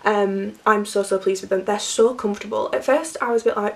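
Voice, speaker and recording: A young woman talks casually through an unboxing, her voice croaky from a cold with a gravelly edge. She chats in a loose, filler-heavy way. She sits a little back from the microphone. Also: medium pitch, fairly even intonation, brisk, darkish tone, recorded from a distance. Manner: chatty, filler-heavy, laughs often. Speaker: vlogger.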